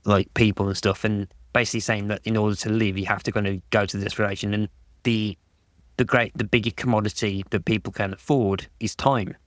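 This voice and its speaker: A man's voice: fairly low pitch, flat delivery, brisk, dry recording, clean studio sound. A man talking casually on a podcast, rambling and restarting his sentences with lots of "like". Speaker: podcast guest.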